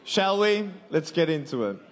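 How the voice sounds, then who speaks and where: A man's voice: a little high, big pitch swings, moderate pace, a little hiss or hum. A man in his twenties with an Australian accent, giving a sermon that mixes playful stories with earnest, pressing questions. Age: 20s. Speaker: motivational Christian speaker. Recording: long hall reverb.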